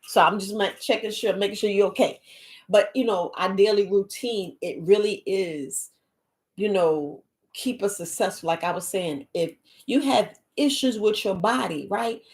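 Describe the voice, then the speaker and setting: A woman herbalist hosting a live podcast, talking to her viewers in a rambling, chatty, animated way. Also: mid-range voice, moderate pace. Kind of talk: casual live-stream talk.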